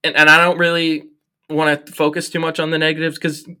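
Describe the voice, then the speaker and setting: Young male co-host, bright edgy voice, animated and jokey, casual chat. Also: fairly high pitch, brisk, clear, resonant tone. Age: young adult. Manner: animated, joking, lots of fillers. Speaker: podcast co-host. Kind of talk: casual film review chat.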